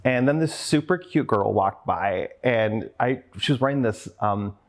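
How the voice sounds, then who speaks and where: A man with a voice of ordinary pitch tells a personal story for a conference audience. He speaks earnestly and with open emotion, and he acts out the voices of the people in his story. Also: animated, measured pace.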